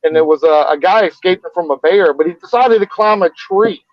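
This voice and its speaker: A man's voice: sits high, a little fast, dry recording. Man, co-host, crude swearing storyteller, bone-dry and muffled call audio. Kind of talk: casual chat.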